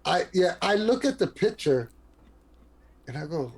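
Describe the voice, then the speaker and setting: A woman's voice: fairly low pitch, big pitch swings, a little slow, a little mellow, breathy edge. A woman joining as a guest player in a tabletop role-playing game, describing her character's actions playfully with frequent laughs. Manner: playful, giggly in-character narration. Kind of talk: casual tabletop role-play.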